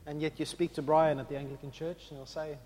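A man preaching a sermon, with an impassioned delivery that swings from quiet reflection to loud exclamation. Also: on the high side, level tone, quick pace. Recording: long hall reverb.

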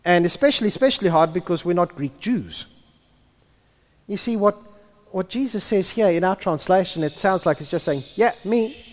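A man preaching a sermon who builds to impassioned, near-shouted peaks and then drops to hushed tones. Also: sits high, lively intonation, normal speed. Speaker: pastor. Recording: long hall reverb.

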